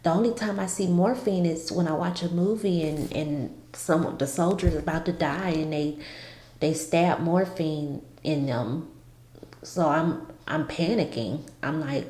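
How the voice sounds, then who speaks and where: Slow, halting woman in a roomy space. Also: deep voice, mellow. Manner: halting, with many restarts. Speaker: vlogger. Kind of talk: personal storytelling. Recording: roomy echo.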